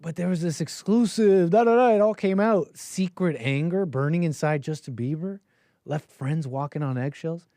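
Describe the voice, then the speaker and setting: A man's voice: a little high, moderate pace, dark tone, no echo, studio quality. A man hosting a call-in livestream, chatting casually and rambling with laughs. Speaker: call-in show host.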